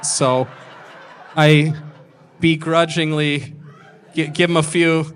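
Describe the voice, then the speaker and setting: A man in his twenties telling a crude story on stage as a stand-up comedian, deadpan with sudden shouted punchlines. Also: a little high, takes it slowly. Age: 20s.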